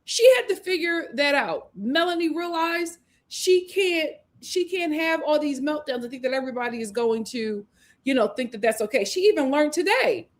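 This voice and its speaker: A woman with a slightly high voice hosts a live show recap. She talks emphatically and argues her points, reading out viewers' comments as she goes. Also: expressive, moderate pace. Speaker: host.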